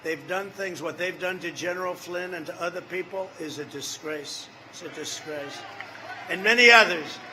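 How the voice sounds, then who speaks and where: A man's voice: sits high, moderate pace, bright, forceful tone, rough recording. A man in his seventies giving a campaign rally speech, rambling and repetitive, with off-the-cuff asides to the crowd. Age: 70s. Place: large rally venue.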